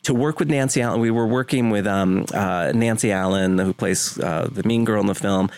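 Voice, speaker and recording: A man's voice: lowish voice, normal speed, darkish tone, smooth. A man from Vermont, a guest in a podcast interview, talking earnestly and emotionally with rambling restarts. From Vermont, USA. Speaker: guest, home video producer. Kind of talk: conversational interview.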